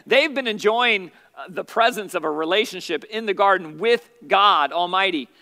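A man's voice: high voice, expressive, normal speed, vocal fry, pushed and bright. A man teaching a youth Bible study as its pastor, asking questions and calling on students by name. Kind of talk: interactive Bible study lesson.

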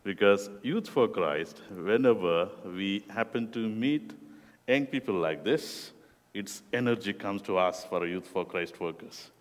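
Slow-speaking Indian man preaching in a hall. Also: on the low side, animated. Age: middle-aged. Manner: slow, deliberate, with non-native phrasing. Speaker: guest preacher, youth ministry director. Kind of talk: sermon talk to a youth group. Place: echoey church room. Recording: echoey room with long reverb.

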